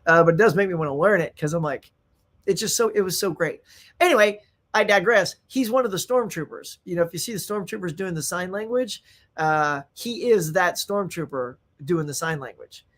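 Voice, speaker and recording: A man hosting a casual live-stream chat about movies and TV. He rambles excitedly, laughs often and reacts to viewer comments. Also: high-pitched, normal speed. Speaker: host.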